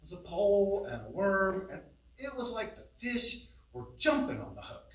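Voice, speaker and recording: Animated man giving a eulogy. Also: high voice, moderate pace, creaky. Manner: animated, laughing through funny stories. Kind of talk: humorous memorial storytelling. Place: funeral home. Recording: roomy, distant hall sound.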